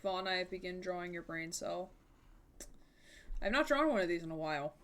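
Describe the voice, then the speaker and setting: A woman's voice: fairly low pitch, lively intonation, normal speed, fairly bright tone, a little hiss or hum. A young woman streaming live, chatting with viewers in a bubbly, giggly way at a desk microphone. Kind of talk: casual live-stream chat.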